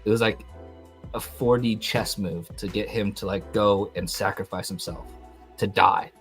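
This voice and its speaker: A young man hosting a podcast, recapping a TV episode in a rambling, excitable way with lots of fillers. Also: fairly low pitch, normal speed, soft background music. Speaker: podcast host.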